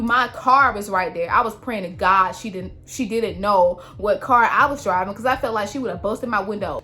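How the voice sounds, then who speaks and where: Animated, high-voiced young woman telling a story. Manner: animated, slangy, addresses viewers as honey and y'all. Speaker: YouTuber. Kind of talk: story time vlog.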